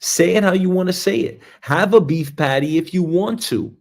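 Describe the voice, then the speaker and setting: A man from Queens, hosting a show and telling a meandering comic story, swinging between loud bursts and quiet asides. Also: sits high, moderate pace. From Queens, New York, US. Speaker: show host. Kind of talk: rambling comic monologue. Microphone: streaming mic.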